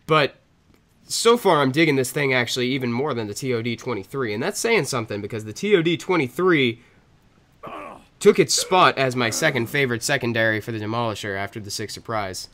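A man's voice: medium pitch, animated, fairly quick, bright, forceful tone. Stuffy-nosed man chatting over gameplay. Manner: chatty, talks to the game and other players. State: stuffy nose from a cold. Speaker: gameplay commentator. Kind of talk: casual gameplay commentary.

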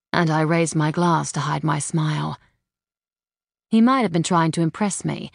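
A woman reading a first-person novel aloud as an audiobook narrator, in a steady, dry storytelling manner. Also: low voice, vocal fry, dry recording.

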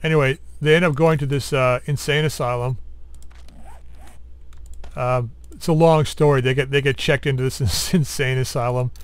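A man with a voice of ordinary middle pitch talks through his gameplay in a loose, rambling way. He mumbles to himself while doing two things at once and throws teasing remarks at the zombies. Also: fairly even intonation, moderate pace, clear, resonant tone, dry recording. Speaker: gaming channel host. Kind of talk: casual let's-play commentary.

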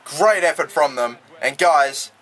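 An Australian man commentating his own football video game match, swinging from calm play-by-play to loud, swearing outbursts. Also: on the high side, a little slow, husky. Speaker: gaming YouTuber.

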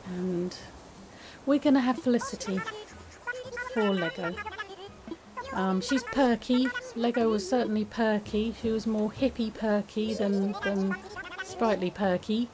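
A woman chatting casually while playing a game, with many restarts and a soft, hesitant way of talking. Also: medium pitch, fairly even intonation, measured pace, background noise. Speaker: gaming video creator. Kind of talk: casual gameplay commentary.

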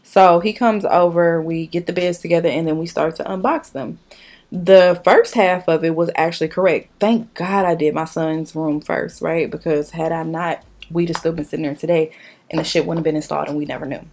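A woman's voice: low voice, brisk. A young woman, ranting in a blunt, profane storytime while she does her makeup at home. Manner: animated, blunt, profane storytelling with reenacted dialogue. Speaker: beauty vlogger. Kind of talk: casual storytime chat during a makeup tutorial.

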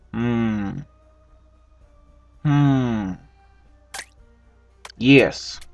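A man's voice: on the high side, husky, no room sound, full character voice. A man voicing a lazy plumber-shop owner who speaks in broken English, crude and smug. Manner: broken English, drops small words. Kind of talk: put-on accent during gameplay.

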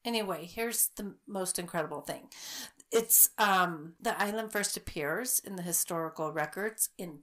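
A woman co-hosting a casual podcast, telling a story in a giggly, rambling, excitable way. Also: on the low side, normal speed. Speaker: podcast co-host.

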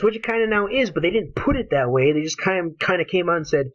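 A man's voice: on the high side, expressive, quick pace, few pauses, dry recording. A man ranting angrily about a game, with passionate, profane talk. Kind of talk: heated solo rant. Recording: dull lo-fi home recording.

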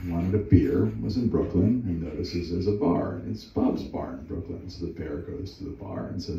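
A man's voice: sits low, steady tone, normal speed, creaky, few pauses, mellow, slight background noise. A man telling a long shaggy-dog joke at an open mic, playfully acting out a roaring bear and a pleading bartender. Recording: distant roomy lo-fi live recording.

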